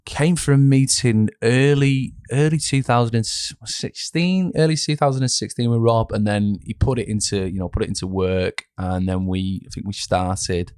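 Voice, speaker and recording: A man's voice: lowish voice, steady tone, normal speed, hardly any pauses, darkish tone, clear, resonant tone, dry recording, clean studio sound. A young man, an actor chatting as a guest in a casual interview, rambling with many restarts and fillers.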